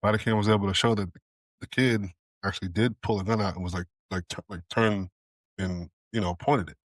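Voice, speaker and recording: A man's voice: lowish voice, steady tone, a little fast, no room sound. A man co-hosting a podcast, rambling in a casual chat and swearing often. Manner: rambling, swears, lots of fillers and restarts. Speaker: podcast co-host.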